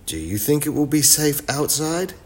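Man voicing a young boy, anxious, high-pitched, storybook reading. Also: moderate pace. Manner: high excited boyish voice.

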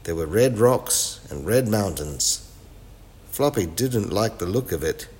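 A man reading a children's storybook aloud in a clear, expressive way. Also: fairly low pitch, measured pace.

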